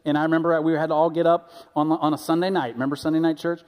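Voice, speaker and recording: A pastor preaching a sermon in a conversational, animated storytelling way, often restarting his sentences. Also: fairly high pitch, racing, big-room sound. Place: church sanctuary.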